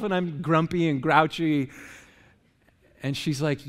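In a large church sanctuary, a male pastor with a slightly high voice speaks at normal speed. His sermon is conversational and joking, and he fires rhetorical questions at the congregation.

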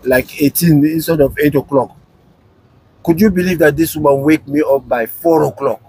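Animated man telling a story. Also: a little high, normal speed, breathy edge, dry recording, low-quality recording. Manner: animated, restarts often. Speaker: interviewee. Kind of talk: casual storytelling.

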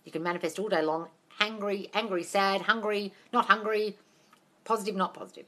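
Woman, bright voice, blunt and sweary, casual live-stream chat, phone mic. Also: medium pitch, fairly even intonation, brisk. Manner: blunt, swears freely, calls viewers darling. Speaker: manifestation coach hosting a live Q&A.

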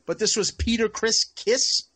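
A man's voice: sits high, a little slow, bright, forceful tone. A man co-hosting a casual podcast chat, swearing freely and laughing often. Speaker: podcast co-host.

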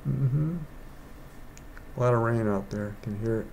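A man's voice: medium pitch, a little slow, gravelly, darkish tone, slight background noise. A man who is a digital artist, rambling and thinking aloud as he walks through a casual painting tutorial indoors. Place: indoors, rain outside.

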